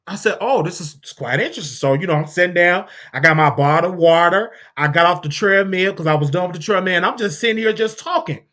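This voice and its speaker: A woman's voice: lowish voice, brisk, few pauses, fairly bright tone. A woman hosting a show, telling gossip in a casual, chatty storytelling way with frequent restarts. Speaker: host.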